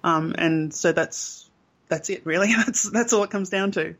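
A man's voice: high voice, unhurried, a bit bright. An Australian man co-hosting a casual fan podcast, blunt and opinionated, with frequent ums. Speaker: podcast co-host.

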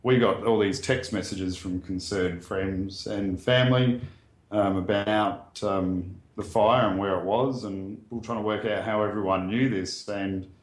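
An Australian man speaks in a plain, earnest, conversational way, often pausing with ums and restarting sentences. His voice sits a little low, and the room around him rings with echo. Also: steady tone. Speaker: guest sharing a bushfire story. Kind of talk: casual spoken recollection. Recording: roomy echo.

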